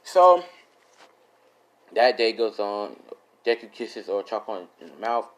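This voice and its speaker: A man's voice: on the low side, animated, unhurried, fairly bright tone. A man casually improvising a fan story, rambling, slangy and swearing, often correcting himself. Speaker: YouTuber storyteller.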